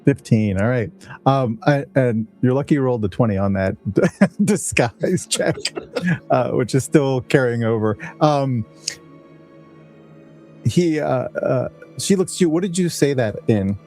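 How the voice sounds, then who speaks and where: A man running a tabletop game over an online call, narrating scenes and asking players what they do. His voice is mellow and dark, and he laughs easily and stumbles into restarts as he talks. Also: mid-range voice, animated, unhurried, soft background music. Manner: laughs often, hesitant restarts. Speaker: game master.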